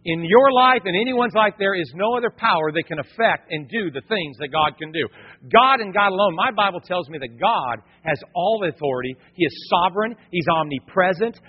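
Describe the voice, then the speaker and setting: A man preaching a lively sermon as pastor, dropping into casual slang and talking straight to the congregation. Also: sits high, normal speed, slightly rough. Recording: reverberant, dull lo-fi sound.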